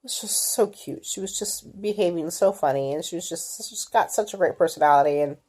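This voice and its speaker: Middle-aged woman, candid and halting. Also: lowish voice, darkish tone. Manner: candid, halting, many fillers and restarts. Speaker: vlogger. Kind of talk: personal health story, casual.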